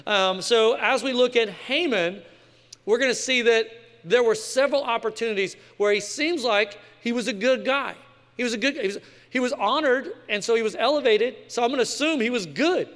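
A man's voice: very high-pitched, moderate pace, a bit bright. A male pastor giving a sermon in a casual, joking way with slang asides. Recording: long hall reverb.

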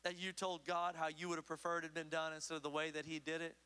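A man preaching a sermon as pastor, emphatic, swinging between loud urgent calls and low hushed asides. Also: monotone, quick pace, clear, resonant tone. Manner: emphatic preaching with sweeping pitch swings and acted quotes. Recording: long hall reverb.

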